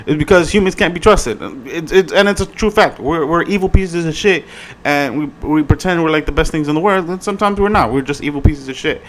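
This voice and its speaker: A man giving a casual review in his vlog, swearing freely in an animated, slangy way. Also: a little high, fairly quick. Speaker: video reviewer.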